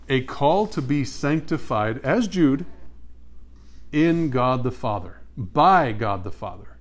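A man leading a Bible study, reading verses aloud and asking his listeners questions. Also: mid-range voice. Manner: emphatic, asks the audience questions and repeats answers. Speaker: Bible teacher.

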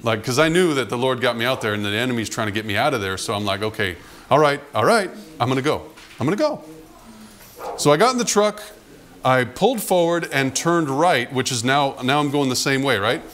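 A man's voice: medium pitch, brisk. A man preaching a sermon, telling a personal story from his past and acting out the people in it. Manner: animated storyteller, acts out quotes. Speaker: pastor.

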